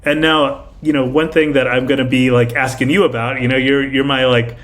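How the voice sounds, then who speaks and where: A man's voice: medium pitch, level tone, brisk, a bit bright. A man hosting a podcast interview, enthusiastic and full of fillers like "like" and "you know". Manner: enthusiastic, filler-heavy, says "like" often. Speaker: podcast host. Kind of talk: casual interview chat.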